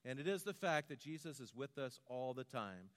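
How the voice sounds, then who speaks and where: A man with an American accent preaching a sermon, telling personal stories in a quiet manner and building to a rhythmic closing litany. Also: medium pitch, very animated, moderate pace, long reverb tail. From United States.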